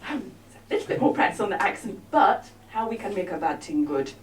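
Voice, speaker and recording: A woman's voice: medium pitch, very animated, brisk, noisy background. A woman performing a live comic show, chatting with the audience in a wry, teasing way, on an arts venue stage, recorded from far off in an echoey hall.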